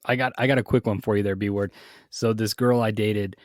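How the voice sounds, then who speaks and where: A man on a podcast telling a story slowly and hesitantly, with many ums. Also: fairly low pitch, fairly even intonation, no echo, clean studio sound. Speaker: podcast guest. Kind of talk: casual podcast banter.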